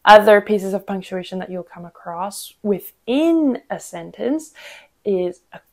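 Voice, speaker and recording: Gravelly-voiced young woman teaching acting. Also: medium pitch, measured pace, darkish tone. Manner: chatty and explanatory, with fillers. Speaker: podcast host and acting coach. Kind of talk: instructional podcast talk.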